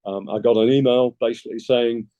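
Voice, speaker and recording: A man's voice: medium pitch, steady tone, a little fast, warm tone, no echo, muffled recording. A man, a golf club secretary, chatting in an interview and telling easygoing anecdotes. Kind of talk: casual interview storytelling.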